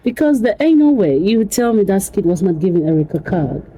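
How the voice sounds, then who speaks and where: Fairly quick and husky at a medium pitch, this female vlogger chats casually to camera on a poor-quality recording. Her delivery is lively and exclamatory, full of laughter and phrases she repeats over and over.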